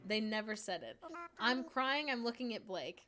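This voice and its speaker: A woman live streamer with a fairly high, animated voice chats casually at a normal speed while playing a game. She giggles and fills her talk with fillers, and game music plays in the background.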